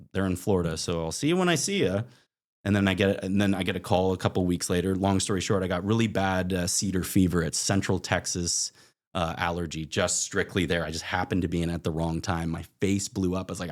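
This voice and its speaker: A young man from Canada, a podcast guest telling stories in casual chat, animated, full of "like" and acting out what people said. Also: sits low, fast. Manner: animated, acts out quoted voices, frequent "like" fillers.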